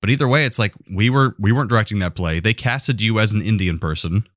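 A man co-hosting a podcast in casual chat, telling stories with animated energy and frequent laughter. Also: on the low side, quick pace, dry recording, studio quality. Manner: animated storyteller, laughs often. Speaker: podcast co-host.

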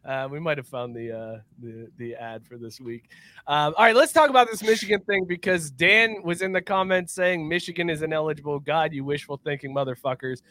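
A man's voice: on the high side, a little fast, bright, forceful tone. A man hosting a casual sports talk show, ranting and swearing and laughing often.

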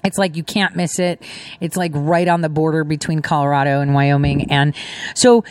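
A woman's voice: deep voice, steady tone, normal speed, a little mellow, smooth, no room sound, studio quality. A middle-aged woman hosting casual commentary, telling chatty stories with laughing asides. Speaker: host.

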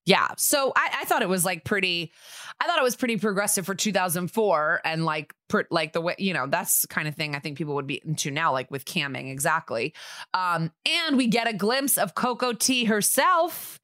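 Woman podcast co-host, lowish pitch, chatty and irreverent, dry close mic. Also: normal speed, bright, forceful tone, no room sound. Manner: chatty, irreverent, acts out lines from the episode. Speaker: podcast co-host recapping an episode. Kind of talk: casual chat.

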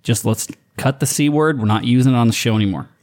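A man's voice: mid-range voice, fast, darkish tone. A man co-hosting a podcast in casual chat, exasperated and scolding the audience. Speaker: podcast co-host.

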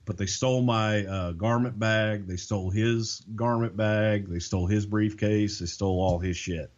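A man's voice: lowish voice, moderate pace, dull audio. A man casually telling a long, profane story, acting out the voices of the people in it. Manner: profane, animated, acts out quoted voices.

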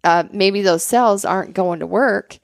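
A woman co-hosting a health podcast, explaining things in a quick, conversational way and often checking in with "right?". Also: mid-range voice, gravelly, dry recording. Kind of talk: explanatory casual chat.

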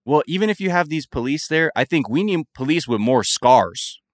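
A man's voice: a little high, normal speed, no echo, clean studio sound. A man co-hosting a podcast in casual chat, swearing freely and acting out quoted voices. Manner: profane, animated, acts out quoted voices. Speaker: podcast co-host.

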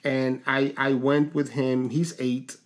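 Halting, easygoing podcast co-host man. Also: medium pitch, level tone. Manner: halting, many restarts and fillers, storytelling. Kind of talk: casual chat.

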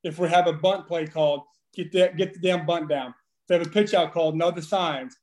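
Profane, animated man telling stories. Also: on the high side, a little fast. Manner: profane, animated storyteller with laughs. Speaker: former baseball player, podcast guest. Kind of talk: casual storytelling chat.

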